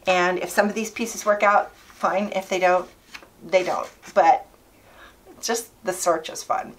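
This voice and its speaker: A woman's voice: on the low side, steady tone, a little slow, a little hiss or hum. A middle-aged woman vlogging in a casual, chatty and enthusiastic way, laughing often. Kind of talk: casual chat.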